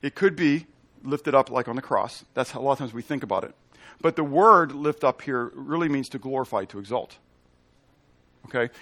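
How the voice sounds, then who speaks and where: A man teaching a Bible study as pastor, emphatic, asking the room questions and answering them himself, stretching out scripture quotes slowly and loudly. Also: medium pitch. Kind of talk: sermon with Bible reading.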